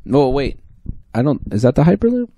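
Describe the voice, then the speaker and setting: A man hosting an improv comedy podcast, rambling with restarts as he pitches a silly movie idea. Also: very animated, fairly quick, warm tone, no room sound. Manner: rambling with restarts, laughs often. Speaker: podcast host. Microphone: studio microphone.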